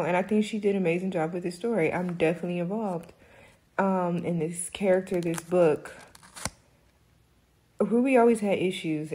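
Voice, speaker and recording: A woman's voice: lowish voice, mellow. A young woman chatting casually about a book she finished, rambling through the plot with fillers and giving frank opinions. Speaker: book reviewer. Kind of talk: casual book review chat.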